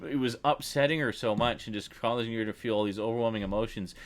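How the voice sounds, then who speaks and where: A man hosting a casual livestream chat, telling an animated story and laughing often. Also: medium pitch, fast talker. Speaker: livestream host.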